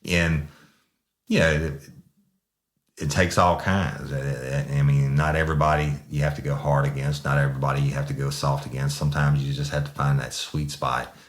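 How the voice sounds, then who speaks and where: A former police sergeant, telling a story in a blunt, profane, rambling way. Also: male voice, rumbling low, level tone, normal speed. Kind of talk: casual storytelling.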